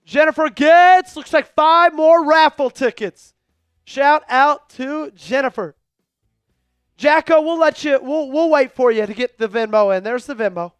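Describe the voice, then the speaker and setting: A man's voice: extremely high pitch, measured pace, dry recording, highs cut off, soft background music. A man hosting a fan live stream, running a raffle and calling plays from a game in a casual, hyped way. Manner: hypes donors and raffle, calls the game. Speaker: livestream host.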